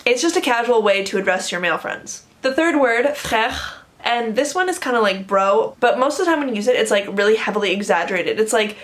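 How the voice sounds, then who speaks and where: A woman's voice: a little high, lively intonation, fairly quick. A young woman with a North American accent, explaining slang in a casual, emphatic vlog. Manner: enthusiastic, emphatic, lots of fillers. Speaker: language vlogger.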